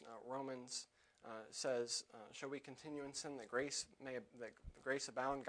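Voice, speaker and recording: A young man preaching a sermon in church, loud when quoting scripture and quieter and halting in his personal asides. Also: medium pitch, fairly even intonation. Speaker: lay preacher.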